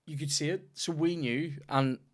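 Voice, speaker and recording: A man's voice: on the high side, moderate pace. A young man, a comedian chatting casually on a podcast and telling rambling, sweary stories.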